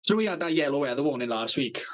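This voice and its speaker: A man's voice: mid-range voice, expressive, fast, low-quality recording. A man co-hosting a podcast, telling rambling work stories in casual chat and swearing constantly with a blunt, brash manner. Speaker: podcast co-host.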